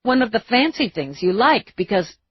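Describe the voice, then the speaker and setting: A woman's voice: on the high side, big pitch swings, normal speed, husky, no room sound, voice pushed up. A woman narrator voicing a blunt, tough woman police lieutenant who talks curtly but turns tender, in a dull, dry recording. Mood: earnest.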